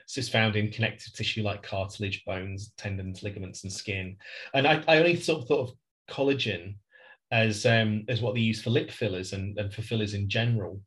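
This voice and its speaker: A man's voice: fairly low pitch, fairly even intonation, fairly quick, a bit bright. Chatty man co-hosting a podcast. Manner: chatty, laughs often, explains facts. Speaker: podcast co-host. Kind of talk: casual chat with trivia segment.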